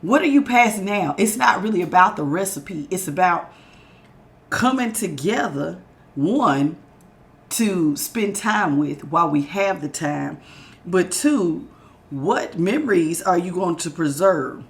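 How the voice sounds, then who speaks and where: Sick, gravelly-voiced woman. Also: lowish voice, expressive, unhurried. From Southern United States. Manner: chatty, folksy, calls listeners y'all and baby. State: sick with a sore throat. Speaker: tarot reader. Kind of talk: casual spiritual reading.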